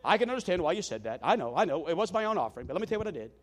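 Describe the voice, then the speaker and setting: A man's voice: high voice, big pitch swings, racing. A man imitating an 85-year-old preacher who repeats each phrase two or three times, done as an impression inside a sermon story. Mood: earnest.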